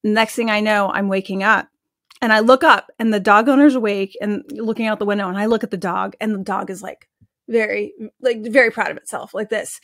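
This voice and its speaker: A woman in her thirties, an animal communicator and medium, telling stories in a casual, animated way as an interview guest, full of "like" fillers. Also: medium pitch, fairly quick, no echo, studio quality. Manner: chatty and animated, with frequent "like" fillers.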